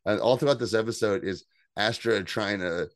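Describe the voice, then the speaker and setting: A man co-hosting a podcast, casually recapping an episode with animated, swearing commentary and acted-out quotes. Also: normal speed, dry recording, clean studio sound. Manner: animated, acts out quotes with jumps in pitch, swears freely. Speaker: podcast co-host.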